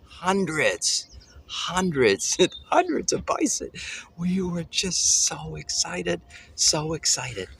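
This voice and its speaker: A man hosting a family travel show, telling a story casually and excitedly, often pausing to search for words. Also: a little high, creaky, a little hiss or hum. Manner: excitable, gropes for words, exclaims "holy cow".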